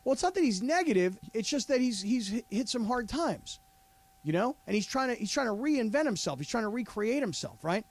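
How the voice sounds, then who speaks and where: A man co-hosting a sports radio show, telling a story with animated energy and quoting people in their voices. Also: very high voice, brisk. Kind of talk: casual sports radio banter.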